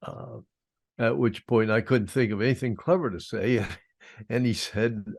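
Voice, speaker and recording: Gravelly older man telling his story. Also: medium pitch, unhurried, darkish tone, no echo, clean studio sound. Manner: plain-spoken, wry and self-deprecating. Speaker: guest speaker, former prisoner of war. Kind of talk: storytelling in an interview.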